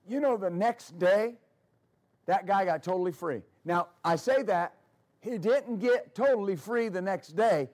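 A man's voice: high voice, normal speed, darkish tone. A man preaching a sermon as pastor, with emphatic repetition and storytelling asides.

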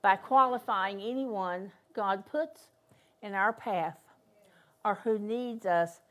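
A woman's voice: mid-range voice, takes it slowly. An older woman preaching in a church, telling a story with emphatic repetition. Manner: storytelling, emphatic, repeats key phrases. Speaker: guest minister. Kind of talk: sermon.

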